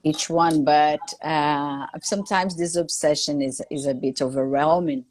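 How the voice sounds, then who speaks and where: A woman whose first language is Portuguese, hosting a live English-teaching chat on a video call and asking polite, unhurried questions. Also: deep voice, fairly even intonation, a little mellow, slight background noise. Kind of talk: casual live interview.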